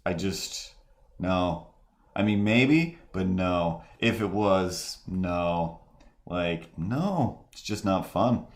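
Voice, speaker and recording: Low-voiced man rambling on a stream. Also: lively intonation. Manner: rambling, halting, many restarts and fillers; mimics voices in quoted asides. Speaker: streamer and host. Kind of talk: casual rambling stream chat.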